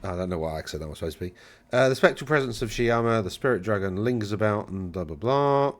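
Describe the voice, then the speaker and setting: Male host, lower register, casual rambling rules chat, wry and dismissive. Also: expressive, quick pace. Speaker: channel host reviewing game rules.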